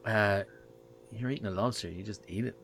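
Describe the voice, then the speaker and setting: A man chatting casually, telling stories in an animated, laughing way. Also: lowish voice, a little fast, crowd noise. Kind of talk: casual chat.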